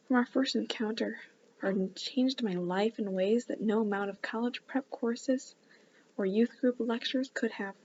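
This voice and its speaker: Woman reading a novel aloud, hushed. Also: mid-range voice, lo-fi sound, slight background noise. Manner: reads in a soft, hushed tone, stops for chatty asides. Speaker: book club reader. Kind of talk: casual read-aloud of a novel.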